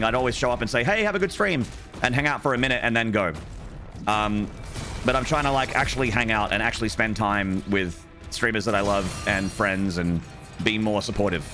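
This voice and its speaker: This is a man at medium pitch, speaking briskly over background music while he streams a game. He jokes around with his viewers, rambling and cutting himself off as he goes.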